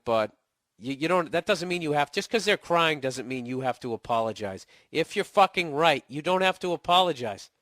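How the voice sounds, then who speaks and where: A man's voice: medium pitch, a bit bright, dry recording, studio quality. A man getting over a cold, ranting casually and profanely as a podcast host, blunt and sarcastic. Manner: blunt, swearing, sarcastic asides. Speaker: podcast host answering a listener email. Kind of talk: casual profane comedic rant.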